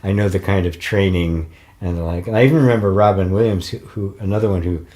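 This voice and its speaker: A man's voice: sits low, fairly even intonation, quick pace, mellow. An older man in casual chat, rambling with fillers, restarts and frequent chuckles as he reads viewer comments. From United States. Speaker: spiritual teacher.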